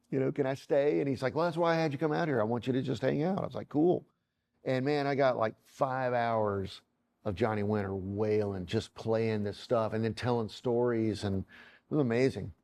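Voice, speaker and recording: A man's voice: fairly low pitch, darkish tone. Rambling man telling a story. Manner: rambling, acts out quoted dialogue. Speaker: illustrator. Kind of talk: casual anecdotal storytelling.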